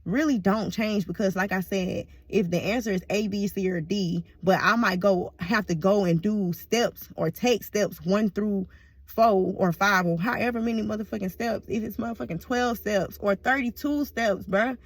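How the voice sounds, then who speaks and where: A woman's voice: medium pitch, moderate pace, no echo. A woman talking to camera in a rambling, casual monologue, swearing freely and laughing often. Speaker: vlogger.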